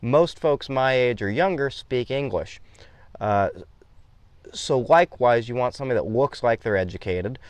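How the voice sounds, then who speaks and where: A man's voice: mid-range voice, lively intonation, moderate pace, smooth, no room sound. A man in his thirties hosting a casual chat, rambling and handing out travel tips. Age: 30s. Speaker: host.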